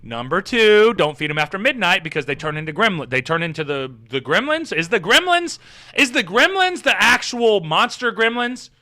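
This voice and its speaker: Guy on a stream gushing about a movie, cursing a lot, high bright voice. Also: normal speed. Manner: excitable, profane, laughs while retelling scenes. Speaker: streamer recapping a film. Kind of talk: casual live-stream chat.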